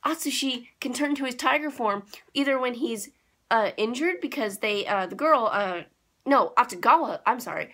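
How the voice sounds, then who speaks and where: A young woman reviewing an anime episode in a casual, gushing way, with sudden excited jumps in pitch. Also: moderate pace.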